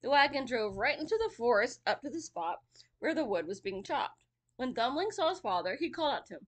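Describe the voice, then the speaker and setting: Female storyteller, casual read-aloud with chatty asides, animated delivery. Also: fairly high pitch, a little fast. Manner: chatty asides between reading.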